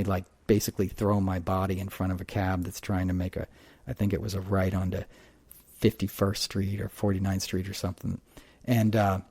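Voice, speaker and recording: Male podcast host, mellow tone, emphatic storyteller who swears freely, no room sound. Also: lowish voice, creaky, breathy edge, no room sound. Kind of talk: casual political monologue and storytelling.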